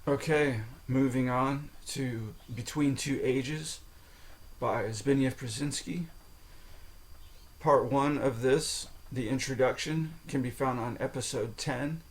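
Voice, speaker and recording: A man's voice: mid-range voice, slow, low-quality recording. A man hosting a solo podcast, talking informally, swearing now and then and checking in with the listener with "okay?". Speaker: podcast host. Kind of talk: casual solo podcast talk.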